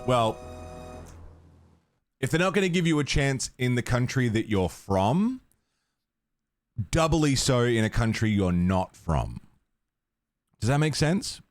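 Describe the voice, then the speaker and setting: A man's voice: medium pitch, big pitch swings, takes it slowly, long pauses, soft background music. An Australian man chatting casually on a game stream, swearing freely, laughing often and rambling with restarts. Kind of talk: casual stream chat while gaming.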